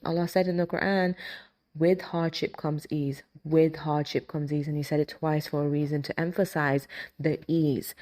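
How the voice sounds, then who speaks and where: A woman in her thirties with a low, mellow voice talks to her listeners in a motivational, faith-based tone. She hammers her points home by repeating key phrases, slowing down on the lines that matter. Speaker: podcast host and hypnotist. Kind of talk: motivational religious talk.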